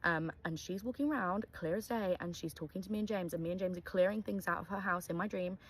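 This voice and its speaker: A woman's voice: lowish voice, fast talker, husky, low-quality recording. A young woman telling a true story in a casual, chatty way, full of "um" and "like". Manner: chatty, lots of fillers like "um" and "like".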